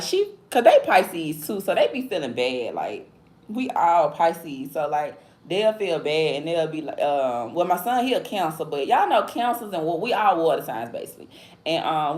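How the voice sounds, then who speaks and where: A woman in her thirties livestreaming and talking casually in slang, often asking "you feel me?". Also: lowish voice. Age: 30s. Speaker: livestream host. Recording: echoey room with faint background noise.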